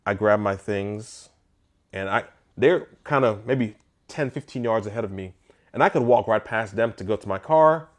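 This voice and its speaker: A man, a photographer, telling a story in a casual storytime vlog, animated and conversational with bits of mock disbelief. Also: lowish voice, moderate pace.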